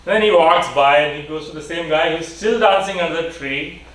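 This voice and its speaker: A man giving a conference vote of thanks, telling a story plainly with fillers and restarts. His voice sits a little high, and the sound comes from far from the mic in a large, very echoey hall. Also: moderate pace, fairly bright tone. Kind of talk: storytelling speech.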